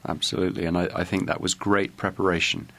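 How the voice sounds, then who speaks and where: A man's voice: deep voice, level tone, quick pace, fairly bright tone. A man speaking as a guest on a religious panel, articulate and upbeat with formal phrasing.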